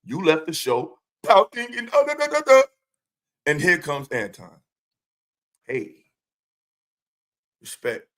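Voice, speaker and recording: A man with a high voice that swings widely up and down rants on his own stream. He taunts with one rhetorical question after another and swears freely. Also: wildly swooping pitch, takes it slowly, long pauses, fairly bright tone. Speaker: streamer host. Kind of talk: confrontational livestream rant.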